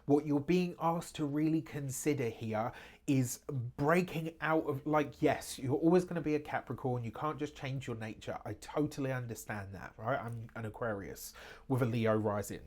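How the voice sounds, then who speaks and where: A man's voice: mid-range voice, normal speed, a little mellow. A man giving a casual weekly tarot reading to camera, chatty and self-mocking, with frequent asides to viewers. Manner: chatty, laughs at himself, frequent "right?" asides. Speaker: tarot reader.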